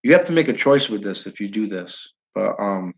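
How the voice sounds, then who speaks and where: A man's voice: fairly low pitch, lively intonation, moderate pace, vocal fry. A man hosting a casual live-stream chat, rambling and joking as he puts questions to his listeners. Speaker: host. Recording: dull lo-fi stream audio.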